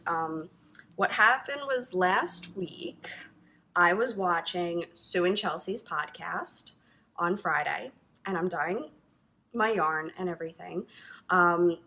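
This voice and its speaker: Woman, knitting vlog host, bright tense tone, chatty, rambling, gushing. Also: fairly low pitch. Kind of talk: casual chat to camera.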